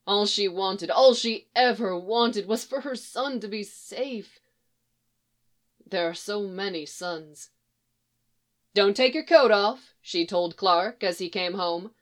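A woman reading a story aloud in a measured, somber narration. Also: medium pitch. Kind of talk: audiobook narration.

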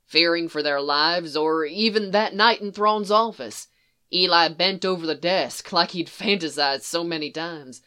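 A narrator reading fan fiction aloud in a slow, even, unhurried way. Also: mid-range voice, clean tone. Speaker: audiobook narrator.

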